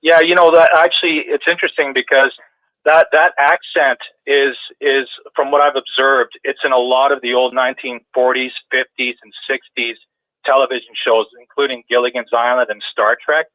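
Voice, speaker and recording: A man's voice: medium pitch, little pitch movement, normal speed, no room sound. A man calling in to a talk show, chatting casually and rambling with many restarts. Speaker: caller. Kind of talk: casual call-in chat. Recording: tinny phone line.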